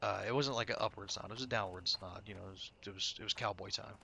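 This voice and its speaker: A man's voice: lowish voice, fairly even intonation, quick pace, vocal fry, pushed and bright, a little hiss or hum. A man telling a rambling, profane story with frequent laughter while playing a game. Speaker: streamer. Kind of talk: casual storytelling while gaming.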